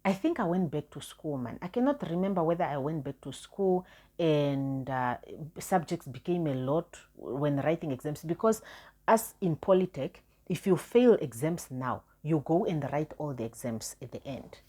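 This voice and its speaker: Woman vlogger, low husky voice, candid and repetitive storytelling. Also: expressive, moderate pace, dark tone. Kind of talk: personal storytelling.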